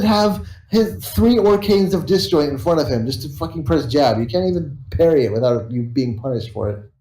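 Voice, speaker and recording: A man's voice: fairly high pitch, expressive, moderate pace, mellow. A tired young man rambling casually and swearing freely as he chats with his viewers. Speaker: YouTuber streaming to viewers. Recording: roomy echo.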